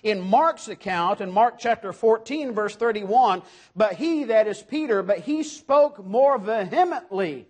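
A man with a high voice delivers a sermon. He presses his points with emphasis and often turns to his listeners with rhetorical questions. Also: lively intonation, unhurried. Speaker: preacher.

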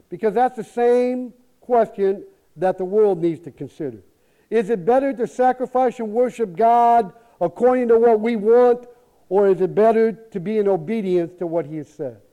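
Emphatic high-voiced male preacher, tinny. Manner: emphatic, repeats rhetorical questions. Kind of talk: Sunday sermon. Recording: tinny phone-like sound.

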